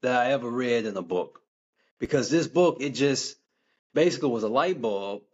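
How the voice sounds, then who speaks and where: Measured male guest author, dull lo-fi sound. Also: medium pitch, lively intonation, darkish tone. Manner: measured, many "you know" asides. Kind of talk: reflective interview talk.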